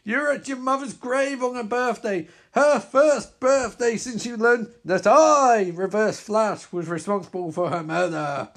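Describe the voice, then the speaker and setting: A man reading out the lines of a gloating male super-speed villain in a comic recap, with a loud, theatrical, taunting delivery. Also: unhurried, hardly any pauses. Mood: menacing. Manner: taunting, theatrical, louder and higher than his own voice. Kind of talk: comic recap with read-out character voices.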